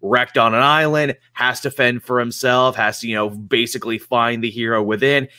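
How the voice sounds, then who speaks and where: A man's voice: medium pitch, steady tone, normal speed, pushed and bright. A man co-hosting a podcast, chatting casually with wry asides. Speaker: podcast co-host. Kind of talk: casual chat.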